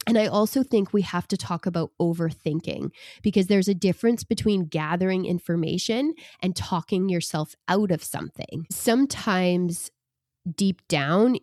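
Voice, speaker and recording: A woman's voice: fairly low pitch, a little mellow, no echo. Woman podcast host, advisory and reassuring, dry close recording. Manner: reassuring, coaching tone with tag questions. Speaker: interior design podcast host.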